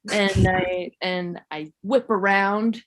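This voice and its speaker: Young woman from california doing standup, slow and deadpan, rambly, makes fun of herself. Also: medium pitch. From San Jose, California. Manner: deadpan, rambling, self-mocking. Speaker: stand-up comedian. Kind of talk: stand-up comedy set.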